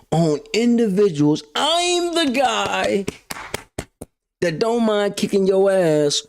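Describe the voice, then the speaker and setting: A man hosting his own show, ranting in a casual, slangy monologue that swings between loud outbursts and low mutters. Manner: slangy, drawn-out emphasis. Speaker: podcast host.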